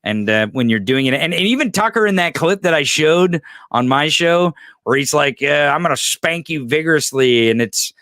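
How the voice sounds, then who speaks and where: Halting man with a dry close voice. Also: fairly high pitch, animated, a bit bright, no room sound. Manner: halting, repeats words, plain-spoken. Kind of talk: casual political chat.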